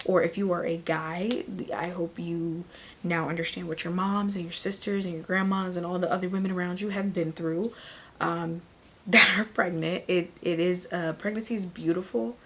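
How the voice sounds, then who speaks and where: Woman vlogger, heavily pregnant and winded; low-ish, casual, rambling delivery with breathy near-whispers. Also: steady tone, normal speed, a bit bright, slight background noise. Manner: chatty and rambling, many fillers, laughs often. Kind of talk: casual chat to camera.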